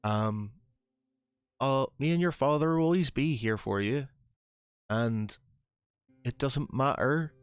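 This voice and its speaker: A man voicing a loving mother in a tabletop game, raising his voice high, stammering, gentle and reassuring. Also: slow, long pauses, smooth, no echo, studio quality, close to an everyday voice. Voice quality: stammering, tender.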